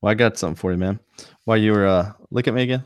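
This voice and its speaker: A man with a very deep voice, co-hosting a laid-back podcast. He rambles, trips over his words and fills gaps with "like" and "you know". The sound is dry and close, with no room echo. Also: racing. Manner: rambling, lots of fillers and restarts. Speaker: podcast co-host, streamer. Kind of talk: casual podcast chat. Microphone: video call.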